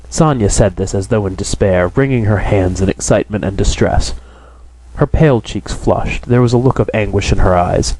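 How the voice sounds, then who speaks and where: A man narrating a classic novel as an audiobook, reading in a steady, measured way. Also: fairly low pitch, rough recording. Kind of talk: scripted narration.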